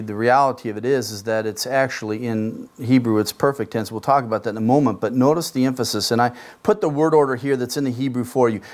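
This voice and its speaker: A middle-aged man, a pastor, giving a conversational sermon and often asking his listeners rhetorical questions. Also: mid-range voice.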